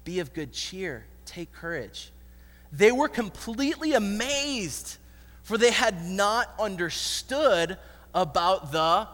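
A man preaching a sermon in an animated, slangy storytelling manner, recorded in an echoey hall. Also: high voice. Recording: echoey hall with long reverb.

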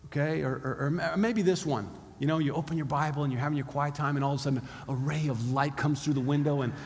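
A man's voice: fairly high pitch, steady tone, fast. A pastor preaching a sermon in a conversational way, acting out the inner voices of his listeners. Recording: long hall reverb.

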